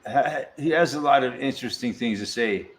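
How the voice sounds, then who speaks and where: A man's voice: medium pitch, fairly quick, slightly rough. A man hosting a casual podcast chat, laid-back, laughing often and swearing casually. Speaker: podcast host.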